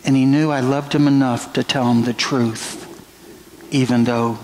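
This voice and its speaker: Middle-aged male pastor, earnest sermon delivery, very slow and deliberate, faint background noise. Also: medium pitch, fairly even intonation, a little mellow, poor audio. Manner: slow, earnest preaching with drawn-out phrases. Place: church sanctuary.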